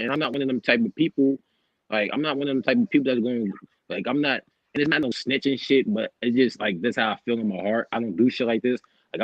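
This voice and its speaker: A young man with a low voice tells a heated story with plenty of swearing. He acts out his argument with his boss. The sound is dull and lo-fi, dry and close. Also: dry recording. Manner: profane, animated storytelling with quoted outbursts. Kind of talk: casual chat.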